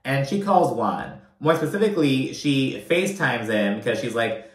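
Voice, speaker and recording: A man talking in a mid-range voice through a gossipy recap. He is animated and profane, with constant "like"s. The sound is roomy and echoey. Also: mid-range voice, moderate pace. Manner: animated, profane, lots of "like" and "you know what I mean". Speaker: reality TV recap host. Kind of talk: casual recap commentary. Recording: roomy echo.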